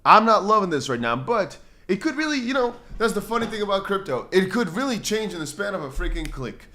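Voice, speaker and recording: A man's voice: high voice, big pitch swings, a little fast, pushed and bright. Slangy man chatting on a crypto stream. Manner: rambling, reads viewer chat aloud and answers it; slangy, says bro and brother a lot. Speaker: crypto livestream host. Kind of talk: casual livestream chat.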